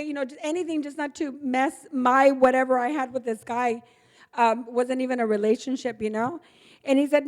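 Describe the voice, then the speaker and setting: A middle-aged woman from Texas addresses an AA gathering in a large, reverberant hall, candidly describing her recovery, acting out what people said and laughing a lot. Her voice is high-pitched yet darkish in tone, with flat delivery at a moderate pace.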